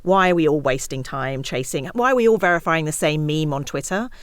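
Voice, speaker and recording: Casting: woman expert guest, rapid and animated delivery, dry close-mic sound. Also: low voice, smooth, no echo. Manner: animated, acts out quotes of others. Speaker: guest, misinformation researcher. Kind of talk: podcast conversation.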